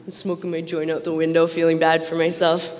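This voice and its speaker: A woman's voice: low-pitched, monotone, brisk, darkish tone, a little hiss or hum. A woman giving a candid personal recovery testimony at a roundup, self-mocking and laughing between lines, speaking into a stage microphone. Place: large event hall. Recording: long hall reverb.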